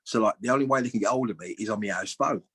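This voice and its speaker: Husky older man telling a story. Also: fairly low pitch, rapid-fire. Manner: lively, acts out other people's lines with big jumps in voice; colloquial, chatty. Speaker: guest, former footballer. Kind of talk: anecdotal storytelling.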